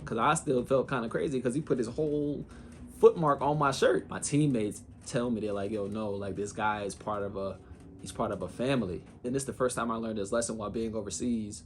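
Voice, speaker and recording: Young American man, casual vlog storyteller, mid-pitched, easygoing slang, faint background noise. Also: brisk. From United States. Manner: relaxed, slangy storytelling with many fillers. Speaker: former overseas pro basketball player, channel host.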